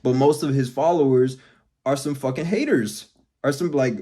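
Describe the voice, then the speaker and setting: A man's voice: mid-range voice, animated, measured pace, dark tone, husky. A man ranting bluntly on camera, heavily profane and emphatic, in a casual motivational style. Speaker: vlogger.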